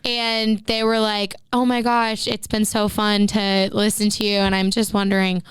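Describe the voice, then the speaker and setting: Bubbly woman podcast co-host, smooth voice. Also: mid-range voice, level tone, normal speed, dry recording. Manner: bubbly, laughs often, chatty. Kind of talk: casual chat. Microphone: studio podcast mic.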